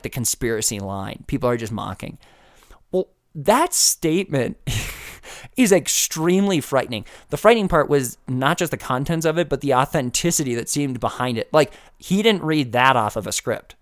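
A man's voice: medium pitch, dry recording, clean studio sound. A man hosting a podcast, talking through his opinions in a rambling, casual way with restarts and wry laughing asides. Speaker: podcast host. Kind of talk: casual solo commentary.

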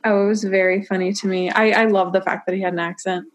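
A woman's voice: medium pitch, level tone, quick pace. A young woman co-hosting a casual book-club podcast, giggly and rambling, full of "like" fillers. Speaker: podcast co-host.

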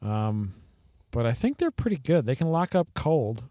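A man's voice: medium pitch, very animated, normal speed, warm tone, dry recording. Rambling, chatty man with a dry sound. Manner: rambling, hesitant with many fillers and restarts, laughs often. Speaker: podcast co-host. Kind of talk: casual chat.

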